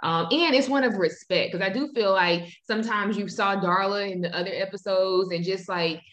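A woman's voice: medium pitch, normal speed, a bit bright. A woman co-hosting a podcast, chatting casually and emphatically with her co-host about a show. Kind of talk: casual recap chat.

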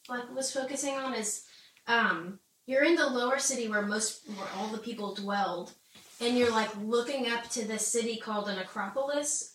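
Chatting through some history in a relaxed Bible discussion, this woman co-host laughs frequently and leans on "like." She sounds a little high and fairly bright, captured from a distance in an echoey room with faint noise.

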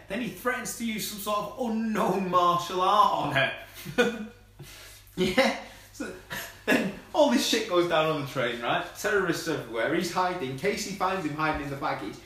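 A man's voice: high voice, expressive, moderate pace, sharp tone. A man hosts a casual movie chat, swearing, laughing and ranting. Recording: roomy, far from the mic.

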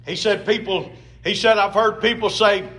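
A man's voice: high-pitched, fairly even intonation, normal speed, a bit bright, slightly rough. A man preaching a sermon as a pastor, emphatic, with call-and-response to the congregation.

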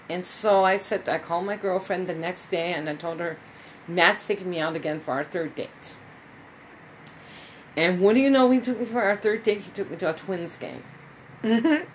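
A woman's voice: mid-range voice, lively intonation, a little fast, fairly bright tone, a little hiss or hum, rough recording. Rambling woman telling a long story. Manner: rambling, with frequent restarts and quoted dialogue. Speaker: vlogger. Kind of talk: casual storytelling to viewers.

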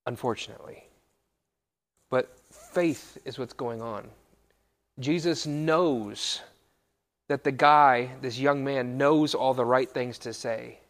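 A man's voice: mid-range voice, takes it slowly, pauses often. A man preaching to a live audience in a hall, mixing scripture with playful jokes and self-corrections. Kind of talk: joking sermon to a live audience.

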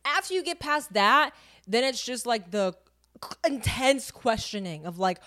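A podcast co-host in her twenties speaks at a normal speed in a fairly high, animated, slightly bright voice. Her candid personal story is chatty, vivid, and packed with fillers.

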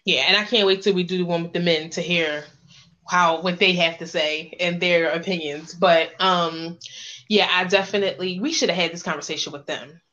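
A woman's voice: fairly low pitch, fairly even intonation, moderate pace, sharp tone. Woman in her 30s on a podcast, laughs and cusses a lot, kinda muffled lo-fi sound. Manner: playful, laughs a lot, swears freely. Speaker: podcast co-host. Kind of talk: casual chat. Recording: dull lo-fi sound.

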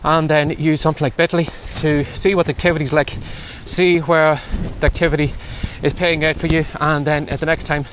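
Man, casual walking vlog, chatty advice, out of breath, higher pitch, faint outdoor noise. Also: flat delivery, a little fast, hardly any pauses, fairly bright tone. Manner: chatty, advisory. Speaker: podcast host. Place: outdoors in strong wind and rain.

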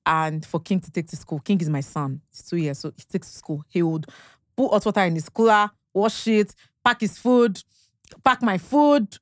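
A woman's voice: mid-range voice, moderate pace, no echo, studio quality. A young Nigerian woman with a Nigerian accent, a podcast guest chatting casually, telling stories animatedly, acting out bits of dialogue and laughing often. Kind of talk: casual storytelling chat.

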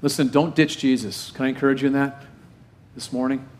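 A man preaching a sermon as pastor, full of rhetorical questions and emphatic repetition, slowing down to stress key phrases, with playful asides. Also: medium pitch, flat delivery. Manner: playful asides and self-deprecating humor.

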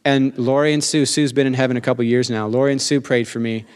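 A middle-aged male pastor preaching a sermon, animated and emphatic, asking the congregation for amens and slowing down to stress key lines. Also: clear, resonant tone. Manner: slows down for emphasis, rising pitch on key lines.

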